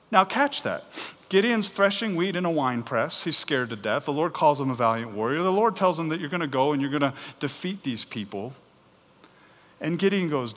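Animated preacher in a reverberant hall. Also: male voice, a little high, moderate pace. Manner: animated preaching, acts out biblical voices, swings loud and soft. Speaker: pastor. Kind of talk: sermon.

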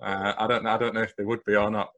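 A man co-hosts a casual podcast and teases his partner in an easygoing way. His voice sits a little low. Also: little pitch movement, quick pace. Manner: easygoing, gently teasing. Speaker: podcast co-host.

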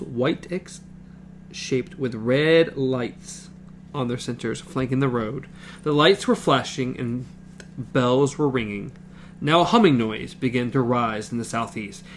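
Lively man chatting and reading aloud. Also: a little high, slight background noise. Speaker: book club co-host reading aloud. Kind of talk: casual book discussion with read-aloud passages.

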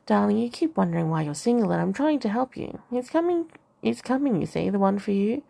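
A glamorous boutique owner with a cut-glass posh English accent, fussing over her friend's style, acted by a female narrator. She is doting and insistent, calling people darling. The voice is gravelly and husky, with a mellow, dark colour. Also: mid-range voice, very animated, fairly quick, heavily acted. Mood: doting, persuasive. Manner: doting, persuasive, calls everyone darling.

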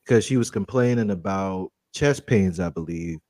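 A young man, co-hosting a family podcast in a relaxed, halting way. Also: deep voice, dry recording. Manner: relaxed, hesitant, many fillers and restarts. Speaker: co-host. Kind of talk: casual family podcast chat.

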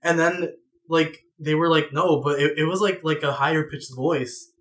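Rambling, higher-voiced young man telling a story. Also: fairly even intonation, moderate pace, a bit bright, reverberant. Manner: rambling storyteller, many fillers and restarts. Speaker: podcast co-host. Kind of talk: casual chat.

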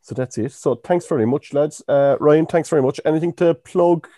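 A man's voice: fairly high pitch, moderate pace, warm tone, dry recording, studio quality. A man hosting a podcast, chatting casually about a film with lots of fillers and restarts. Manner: rambling, full of fillers and restarts. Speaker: podcast host. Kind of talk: casual film-review chat.

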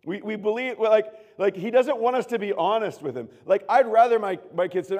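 A man preaching a sermon as pastor, earnest, moving from hushed tones to loud emphatic bursts. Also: high-pitched, a little fast, hardly any pauses. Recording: long reverb of a large room.

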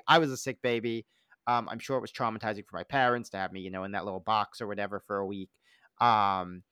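A man's voice: medium pitch, clean tone, no room sound, clean studio sound. A man co-hosting a comedy podcast, chatting casually and jokily, often trailing off and restarting mid-sentence. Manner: animated, jokey, trails off and restarts. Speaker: podcast host.

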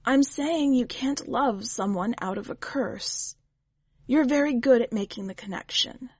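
Lady doing a wry old-soul witch, slow, dry, gently probing. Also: fairly high pitch, breathy edge, dry recording, pitched above the performer's own voice. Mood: teacherly. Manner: dry, patient, teacherly.

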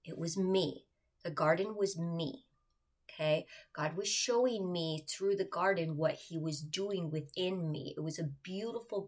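A churchgoer shares her personal faith testimony, speaking earnestly and directly to her viewers in a confiding tone. Her voice is lowish and husky with a gravelly edge, and she often drops into a hushed whisper.

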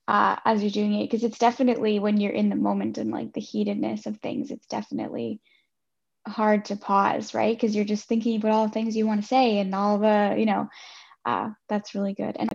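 A woman from Ontario hosts a casual chat, her voice carrying a gravelly fry. She responds to her guest in a friendly, affirming way, and the audio sounds dull and lo-fi. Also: mid-range voice, darkish tone. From Ontario, Canada. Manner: friendly, affirming, loose phrasing. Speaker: host.

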